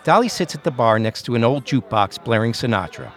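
A man hosting and narrating a true-crime podcast in a measured, scripted storytelling delivery. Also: medium pitch, very animated.

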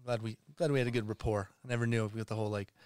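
Smooth-voiced, easygoing male podcast guest. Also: lowish voice, little pitch movement, racing, a little mellow, dry recording, clean studio sound. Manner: easygoing, laughs along while talking. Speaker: podcast guest, snowboard photographer. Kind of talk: casual podcast chat.

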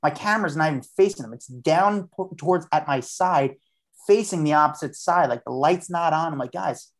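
A man's voice: a little high, moderate pace. Chatty man telling a story. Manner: chatty, acts out his own past lines. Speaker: podcast guest, street journalist. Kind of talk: casual storytelling.

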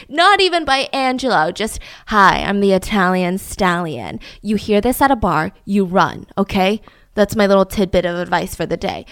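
A woman hosting a true crime podcast, telling the story in a chatty, heavily sarcastic, mock-admiring way and speaking straight to her listeners. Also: medium pitch. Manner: chatty, addresses listeners directly. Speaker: podcast host.

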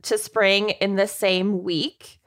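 A woman's voice: medium pitch, little pitch movement, slow, a bit bright. A woman co-hosting a podcast in casual, chatty conversation, laughing often. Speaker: podcast co-host. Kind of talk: casual chat.

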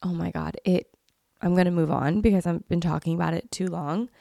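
A woman's voice: on the low side, fairly even intonation, a little fast, gravelly, mellow, dry recording, clean studio sound. A young woman hosting a podcast in casual chat, gushing and effusive, sniffling from a cold. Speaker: podcast host.

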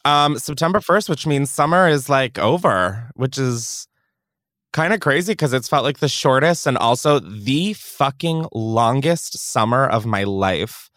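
A man's voice: medium pitch, lively intonation, a little slow, a bit bright, no echo. A young man hosting a podcast in a studio, chatting casually in a rambling, crude, self-mocking way. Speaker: podcast host. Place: recording studio.

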